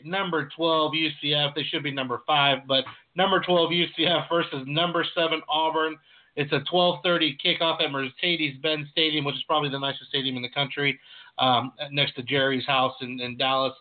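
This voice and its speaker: A man co-hosting a casual sports chat, easygoing and full of uh fillers. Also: a little high. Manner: easygoing, filler-heavy with frequent uh. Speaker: sports podcast co-host. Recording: tinny phone-like line.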